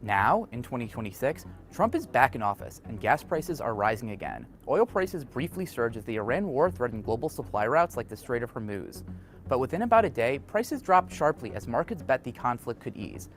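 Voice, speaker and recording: A man reading scripted news narration in a steady, informative way. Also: mid-range voice, normal speed, faint music behind.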